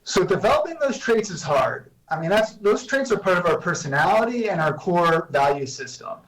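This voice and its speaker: A man talking as a guest professor on a video call, measured and explanatory with frequent restarts. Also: high-pitched, very animated, fairly bright tone, recorded from a distance, low-quality recording. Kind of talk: remote interview answers.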